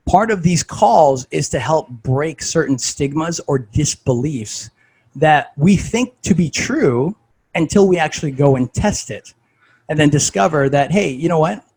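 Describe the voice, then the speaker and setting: A man's voice: a little high, lively intonation, measured pace, a little mellow, husky, rough recording. A man talking casually as a fitness coach, conversational and full of "like" and "right?".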